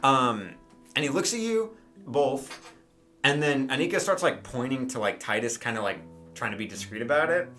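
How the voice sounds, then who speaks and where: A man narrating as game master for a tabletop role-playing game, with a bright, clear voice at a middle pitch. He wanders as he talks and fills the gaps with "um" and "like". Soft music plays faintly underneath. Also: lively intonation, moderate pace. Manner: rambling, many fillers like "um" and "like".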